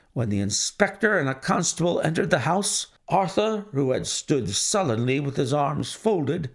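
A man narrating a classic detective story in a measured, formal first-person telling. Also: on the high side, vocal fry. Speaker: audiobook reader.

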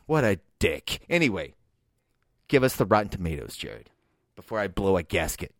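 A man's voice: low-pitched, very animated, normal speed, dry recording, studio quality. Ranting man swearing at a film. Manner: heated, swearing, loud outbursts. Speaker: podcast co-host. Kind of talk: profane ranting film review.

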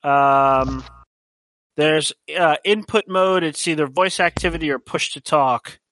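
A man patiently walks his friends through settings during an online tabletop game. His voice sits a little high and sounds dry and close, with no room around it. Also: unhurried, a bit bright, no echo. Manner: helpful, explains step by step. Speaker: player. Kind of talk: casual voice chat.

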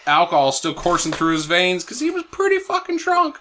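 A man's voice: wildly swooping pitch, a little fast, bright, forceful tone, slight background noise. A young man hosting a podcast, recapping a movie in casual, sarcastic, rambling chat with some swearing. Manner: sarcastic, rambling, swears, voice jumps high when worked up. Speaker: podcast host.

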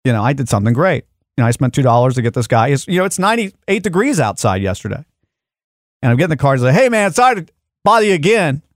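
Fast-talking man telling a story. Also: mid-range voice, no echo, studio quality. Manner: animated storyteller acting out quotes. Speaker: radio show host. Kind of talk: casual studio banter, storytelling. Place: radio studio. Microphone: studio mic.

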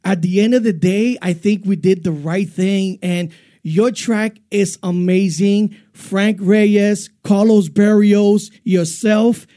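A man's voice: high-pitched, fairly even intonation, slow pace, mellow. A man hosting a music countdown show, hyped and effusive, often stumbling over his words. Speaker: radio DJ host.

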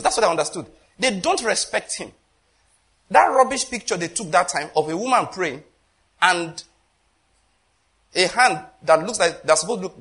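A man preaching a sermon with passion, swinging between loud emphasis and quiet asides, often asking the congregation rhetorical questions. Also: sits high.

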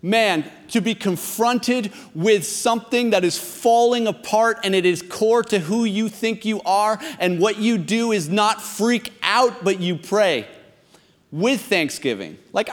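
A man's voice: high-pitched, unhurried, hardly any pauses. A pastor in his thirties preaching a sermon, talking conversationally and then pressing his point with emphasis. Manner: conversational and emphatic, rising to exhortation. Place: church hall. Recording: long reverb of a large hall.

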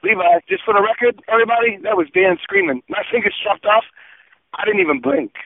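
A man's voice: very high-pitched, big pitch swings, fast talker, gravelly, no room sound. Indignant swearing man on a tinny phone. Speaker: radio show co-host on a phone line. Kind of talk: comedic improvised phone bit. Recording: dry, tinny phone line.

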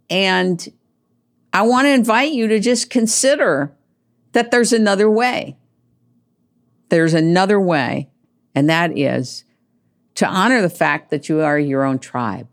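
An older woman hosting her own show, delivering an emphatic, rambling monologue and dropping her voice low for asides. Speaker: host. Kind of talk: opinionated monologue.

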